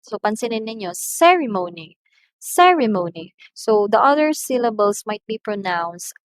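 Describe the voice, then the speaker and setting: A woman with a Filipino accent teaching an English lesson, slowly and deliberately, stressing example words loudly. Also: medium pitch, lively intonation, no room sound, rough recording. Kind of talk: recorded lesson.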